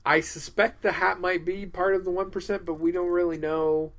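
A man co-hosting a podcast in casual chat, playful and deadpan as he jokes. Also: high-pitched, moderate pace. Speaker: podcast co-host.

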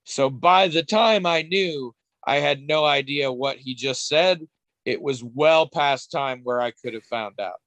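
Male co-host, mid pitch, dry close sound, rambling wry chat with restarts. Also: measured pace, a bit bright, no echo. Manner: rambling, self-interrupting, wry, swears casually. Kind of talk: casual chat.

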